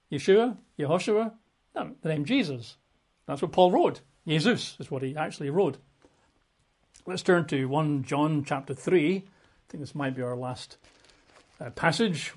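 A man preaching a Bible teaching in a relaxed, conversational way, full of asides and self-corrections. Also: fairly high pitch.

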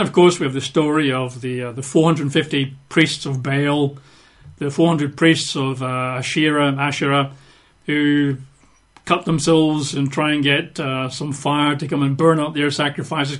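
A man leading a Bible study, reading scripture aloud and then commenting on it informally, slowing down and stressing words for emphasis. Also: a little high, a bit bright. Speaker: Bible teacher.

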